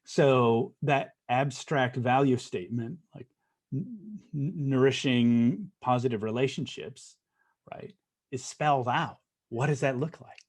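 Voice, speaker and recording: A man's voice: mid-range voice, unhurried, a little mellow, husky. A man hosting a podcast interview, talking conversationally and recapping points with tag questions. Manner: conversational, recaps points, frequent fillers and "right?". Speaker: podcast host.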